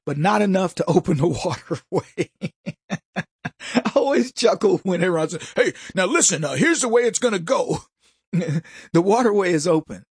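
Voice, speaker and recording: A man hosting a political commentary show, brash and mocking, laughing often and slipping into high voices to mimic people. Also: darkish tone, slightly rough, no room sound, clean studio sound. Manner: jumps into high put-on voices for quoted people. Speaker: political talk show host. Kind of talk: opinionated commentary monologue.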